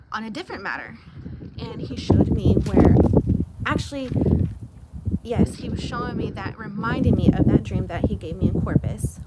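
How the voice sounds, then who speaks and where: A woman hosting a devotional talk, sharing a personal faith testimony in an earnest, emotional way, close to tears. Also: mid-range voice. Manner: earnest, emotional, pausing to hold back tears. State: near tears. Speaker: devotional video host. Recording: loud background noise.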